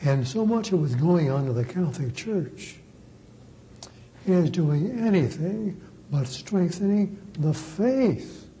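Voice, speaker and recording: Slow, dark-voiced preaching priest. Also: male voice, high voice, expressive, a little hiss or hum, low-quality recording. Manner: slow, emphatic preaching with deliberate repetition. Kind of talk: sermon.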